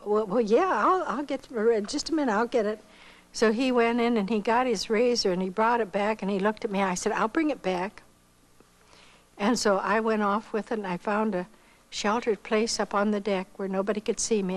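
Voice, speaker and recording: An older woman from the United States telling a personal testimony slowly and reflectively, acting out the voices of the people she quotes. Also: mid-range voice, fairly even intonation, rough recording. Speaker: missionary giving testimony.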